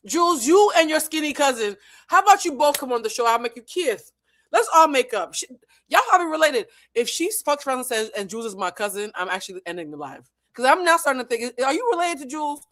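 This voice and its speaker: A woman's voice: high-pitched, very animated, fast talker, a bit bright. Sassy laughing woman host. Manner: sassy, laughs often, mocking. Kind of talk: live reaction commentary.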